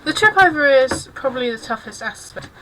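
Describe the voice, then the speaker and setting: A woman's voice: high-pitched, animated, fairly quick, sharp tone, a little hiss or hum, low-quality recording. A young English woman streaming while she crafts, chatting casually and awkwardly, apologising often. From England. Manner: self-consciously awkward and apologetic. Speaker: cosplay streamer.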